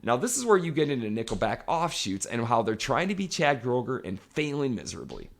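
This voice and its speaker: A man rants on a casual podcast, swearing at nearly every turn as he hammers his points home. His pitch swings widely while staying mid-range overall. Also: wildly swooping pitch, brisk, gravelly. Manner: emphatic, swears constantly. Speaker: podcast co-host. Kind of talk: profane casual podcast rant.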